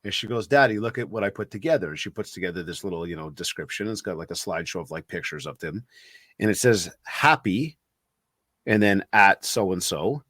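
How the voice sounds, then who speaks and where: A man's voice: sits low, expressive, moderate pace, bright, forceful tone, dry recording, clean studio sound. A man hosting a podcast, rambling with restarts as he tells a family story and asks questions. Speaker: podcast host. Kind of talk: casual conversation.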